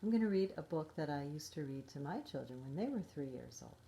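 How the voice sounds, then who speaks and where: A middle-aged woman reading a storybook to young children in a gentle, expressive way. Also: low voice, brisk, gravelly, a little hiss or hum. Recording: roomy echo.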